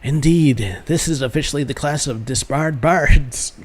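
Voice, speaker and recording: A man's voice: fairly high pitch, measured pace, pitched above the performer's own voice. A man putting on a stern German-accented schoolmaster. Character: stern older male rogue-class master with a put-on German accent.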